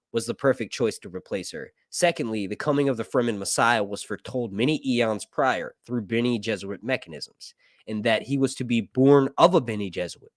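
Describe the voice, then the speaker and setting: Medium in pitch and recorded cleanly in a studio with no echo, the reviewer's voice carries loose, profane talk about movies. He drifts between jokes and read-aloud passages in a rambling way.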